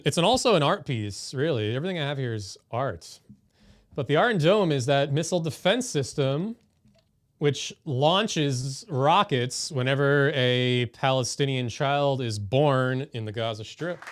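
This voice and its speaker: A man appearing as a guest on a live stream, showing off items in a deadpan, mock-serious way. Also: mid-range voice. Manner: deadpan, slow mock-serious show-and-tell. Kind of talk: casual live-stream chat.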